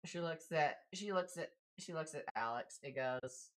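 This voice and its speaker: A man narrating a tabletop game as game master in a casual, relaxed way, with many fillers. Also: on the high side, unhurried, few pauses.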